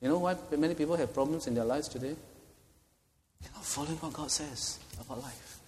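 A man's voice: fairly high pitch, brisk, darkish tone. A middle-aged man, teaching a Bible study as pastor in a conversational way, often checking in with "okay?". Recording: long hall reverb.

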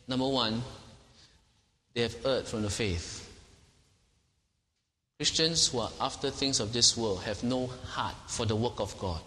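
A man preaching a sermon, emphatic and animated, often repeating words and laughing as he talks. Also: medium pitch, in a large hall, slight background noise, poor audio.

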